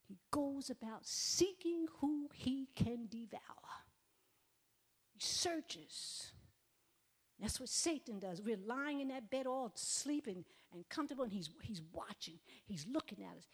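A woman's voice: fairly high pitch, husky. A woman preaching a sermon, emphatic and repetitive, sometimes dropping to a near whisper. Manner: emphatic, repeats phrases, drops to near whispers.

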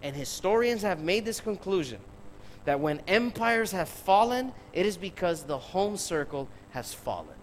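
A man's voice: high voice, big pitch swings, moderate pace, a little hiss or hum, rough recording. A man preaching a sermon who speaks emphatically, peppers his talk with rhetorical questions and addresses the congregation directly.

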